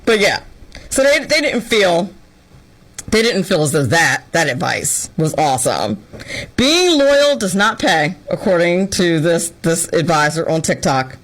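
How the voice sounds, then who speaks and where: A woman's voice: fairly low pitch, big pitch swings, unhurried, a bit bright, low-quality recording. A woman hosting a talk show, giving sarcastic, exasperated commentary in an opinionated rant. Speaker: radio show host.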